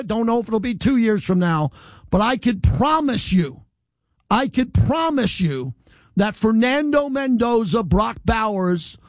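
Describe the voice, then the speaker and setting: Brief: male sports radio host, middle-aged, lighter high voice, defiant unscripted rant, dry studio sound. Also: no echo. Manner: animated, defiant, rambling without a script. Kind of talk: live radio monologue. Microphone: studio microphone.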